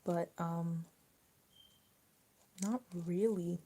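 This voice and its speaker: A young woman from Maryland hosting a live stream, chatting casually and answering viewer comments out loud while she eats. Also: on the low side, fairly even intonation, extremely slow. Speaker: livestream host.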